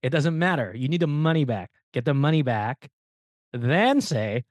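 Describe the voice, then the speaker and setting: A man in his thirties hosts a casual podcast, telling a long story with lots of asides. He slips into quick impressions of the people he talks about. His voice sits in a middle register, recorded close and dry. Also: mid-range voice, no room sound. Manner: animated storyteller, acts out quoted dialogue. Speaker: podcast host.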